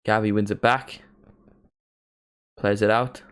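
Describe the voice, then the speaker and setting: A man's voice: on the low side, flat delivery, slow, a bit bright, smooth. A man from Northern Ireland with a mild Northern Irish accent, hosting a live football watchalong in a casual, chatty way that includes free swearing. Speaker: watchalong host.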